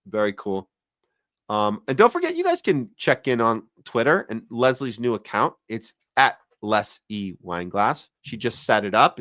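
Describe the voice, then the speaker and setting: Bright, crisp-voiced male podcast host. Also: on the low side, dry recording, studio quality. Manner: rambling, lots of fillers, jokey asides. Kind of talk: casual livestream chat, reading viewer comments.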